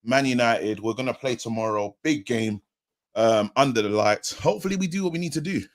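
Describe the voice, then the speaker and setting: A man on a football fan stream, emphatic and quick to laugh. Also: mid-range voice, no echo. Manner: giggly, emphatic. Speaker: football fan show panelist. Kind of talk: casual fan chat.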